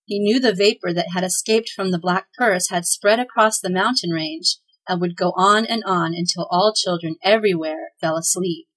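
A woman hosting a children's podcast, reading a storybook chapter aloud in a gentle, expressive way. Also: medium pitch, rough recording. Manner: gentle, expressive read-aloud with voiced characters.

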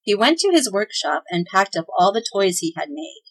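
A woman hosting a children's podcast, reading a storybook chapter aloud in a gentle, expressive way. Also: mid-range voice, normal speed, slightly rough, rough recording. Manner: gentle, expressive read-aloud with voiced characters.

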